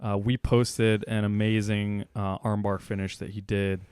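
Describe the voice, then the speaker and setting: A laid-back man co-hosts a casual sports podcast, chiming in with easy agreement. His voice is low and smooth, with a clean tone. The recording is close and dry. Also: little pitch movement, unhurried, a little mellow, no room sound. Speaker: podcast co-host.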